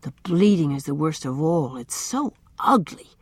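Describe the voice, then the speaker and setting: A woman's voice: low-pitched, very animated, normal speed, a little mellow, breathy edge, no echo, full character voice. A woman voicing a sensitive, dreamy young boy who hates pain, earnest and pleading.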